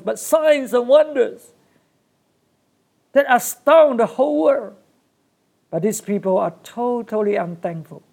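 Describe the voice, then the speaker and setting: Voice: mid-range voice, creaky, darkish tone. A preacher delivering a sermon in short, emphatic bursts, often repeating key phrases.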